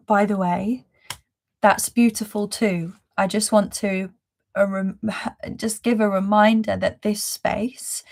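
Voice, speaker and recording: A woman leads a live-streamed spiritual reading in a gentle, effusive voice that keeps returning to reassurance. She talks slowly and lets pauses settle, and her pitch sits in an easy middle range. Soft laughs slip in between her phrases. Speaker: spiritual reader and host.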